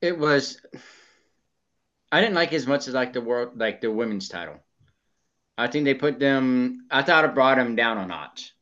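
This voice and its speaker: A man's voice: medium pitch, animated, moderate pace, long pauses, fairly bright tone. A man co-hosting a casual podcast, giving his opinions and talking his point through. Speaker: podcast co-host. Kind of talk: casual chat. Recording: muffled lo-fi audio.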